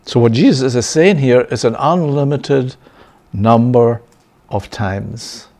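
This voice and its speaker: A man's voice: medium pitch, slow, darkish tone. A man giving a sermon-style Bible lesson, often checking in with "yeah?" and "right?" and chuckling. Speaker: Bible teacher.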